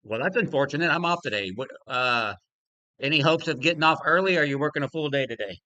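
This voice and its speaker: A man's voice: fairly high pitch, fast talker, bright, forceful tone, no echo. An older man hosting a casual live-stream talk show, easygoing and chuckling, loose with fillers. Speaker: podcast host taking callers.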